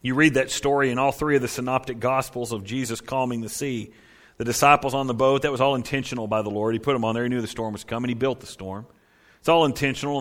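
A male pastor delivering a sermon with a mid-pitched voice. He reads passages of scripture aloud and swings between hushed, quiet phrases and loud, emphatic bursts.

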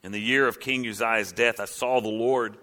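A man preaching a sermon with dramatic swings from low, hushed lines to loud cries. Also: fairly even intonation, normal speed. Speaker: pastor.

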